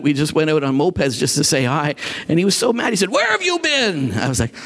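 A man preaching a sermon, telling stories in an animated way and acting out the voices of the people in them. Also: fairly high pitch. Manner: animated, acts out quoted voices, laughs often. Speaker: pastor. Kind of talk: sermon with storytelling.

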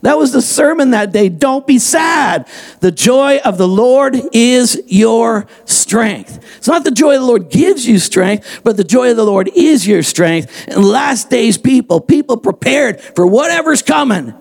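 A male pastor preaching a sermon in a church, emphatic and energetic, repeating his key lines. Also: very high voice, a little slow, gravelly, hardly any pauses. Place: church sanctuary, also streamed online.

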